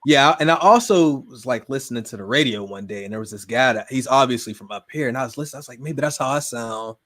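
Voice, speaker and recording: A man's voice: mid-range voice, fast talker. Laid-back young man from Pittsburgh. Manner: relaxed, slangy, drifts quieter at phrase ends. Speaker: guest gamer and streamer. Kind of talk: casual podcast chat.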